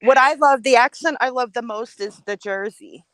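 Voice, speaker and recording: A woman's voice: on the high side, normal speed, fairly bright tone, no echo. A woman from upstate New York chatting on a panel, talking emphatically and repeating words as she gathers her thoughts. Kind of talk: casual chat.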